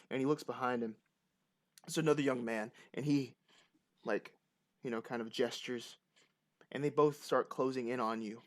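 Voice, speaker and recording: A man narrating as game master of a horror tabletop game, with halting, filler-heavy delivery. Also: medium pitch, steady tone. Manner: narrates with many fillers and restarts.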